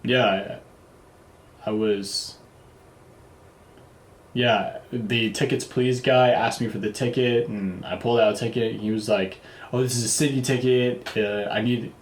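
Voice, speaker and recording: A man's voice: mid-range voice, steady tone, a little slow, a little hiss or hum. Casual, swearing man in a roomy echo. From United States. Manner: loose and profane, full of fillers and restarts. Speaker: vlogger. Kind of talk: casual travel storytelling.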